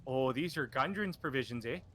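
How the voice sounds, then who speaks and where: A man's voice: mid-range voice, expressive, fairly quick, bright, forceful tone, slight background noise. A man voicing a chatty male townsman taking in deliveries, folksy and ending questions with "eh". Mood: friendly.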